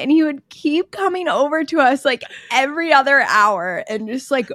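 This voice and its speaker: A woman's voice: sits high, normal speed, few pauses. Chatty young woman telling a story. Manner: animated storyteller, laughs often. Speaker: podcast co-host. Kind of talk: casual storytelling chat.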